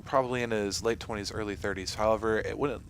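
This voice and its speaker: A male game master describes a scene in a lowish voice, wandering through his sentences. A faint hum runs in the background. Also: fairly even intonation, fast. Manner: rambling, many fillers and restarts. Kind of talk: narrating a tabletop game.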